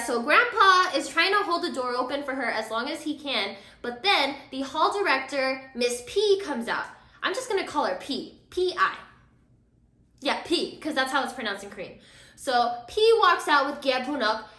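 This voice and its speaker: A young woman with a high, sparkling voice chats through a drama recap while doing her makeup at home. She is loose and filler-heavy, slipping into the characters' lines as she goes, and the room around her rings with echo. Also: bright, forceful tone. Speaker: vlogger. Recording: echoey room.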